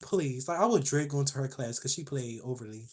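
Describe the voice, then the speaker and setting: A young woman hosting a livestream, telling a story to her chat in a sassy, animated way. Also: a bass voice, fairly quick. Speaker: livestream host.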